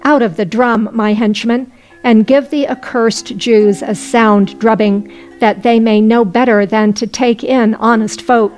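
Lady reading a cross drunk peasant guy, slow and huffy, soft music under. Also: a little high, steady tone, lightly acted. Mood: indignant. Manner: indignant, demanding. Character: angry drunken peasant man.

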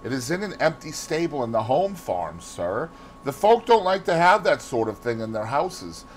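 A man's voice: medium pitch, sing-song, normal speed, slight background noise, pitched above the performer's own voice, lightly acted. A man doing a humble gamekeeper, Boston accent. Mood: respectful. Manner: respectful, plain-spoken. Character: deferential working-class male gamekeeper.

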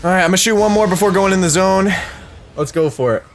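A young man doing live gameplay commentary for his channel, excitable and talking straight to his viewers. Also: high-pitched, fast. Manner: excitable, talks to viewers, shouts at wins. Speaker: gaming YouTuber.

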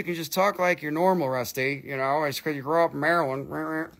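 Man, live-stream seller, gravelly, slightly high voice, playful, jokey, hamming it up. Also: steady tone, brisk, few pauses, fairly bright tone. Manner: playful, joking, slips into put-on broken-English voices. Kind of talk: live-stream sales chat.

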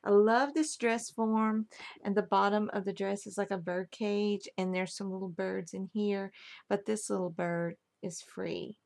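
A woman's voice: mid-range voice, steady tone, a little slow, vocal fry, a little mellow. A woman casually showing off a handmade album she crafted, gushing over every detail. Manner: gushing, admiring each detail. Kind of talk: casual craft show-and-tell.

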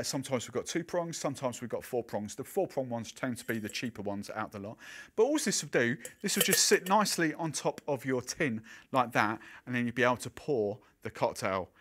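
A man talks like a working bartender giving a relaxed how-to demo. His voice sits at an ordinary middle pitch. He explains in a loose, conversational flow, with "um"s and "uh"s along the way. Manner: chatty, conversational explaining with frequent fillers. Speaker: professional bartender presenter. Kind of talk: product demo and tutorial.

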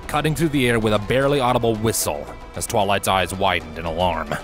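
A man reading fan fiction aloud in a steady, measured audiobook narration. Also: on the low side. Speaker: fanfiction reader.

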